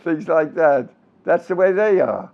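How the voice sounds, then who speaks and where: Gravelly old raconteur from Brooklyn. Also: male voice, a little high, animated, a little slow. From Brooklyn, New York. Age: 90s. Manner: anecdotal, showbiz raconteur with punchlines. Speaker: interviewee. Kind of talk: casual storytelling interview. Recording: dull lo-fi recording.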